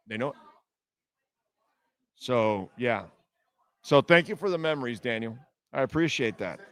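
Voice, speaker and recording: A man's voice: mid-range voice, lively intonation, unhurried, long pauses, fairly bright tone, dry recording. A man hosting a sports radio show, rambling through a profane story and reading chat comments. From Miami. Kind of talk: casual live-stream chat.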